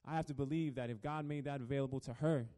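A man preaching a sermon as a pastor, telling the story dramatically and swinging between hushed and loud. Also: mid-range voice, fairly even intonation, fast.

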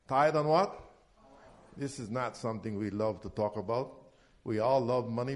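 A man preaching a sermon as pastor, asking the congregation to finish his sentences and rising loud and emphatic on key words. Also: mid-range voice. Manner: call-and-response questions to the congregation.

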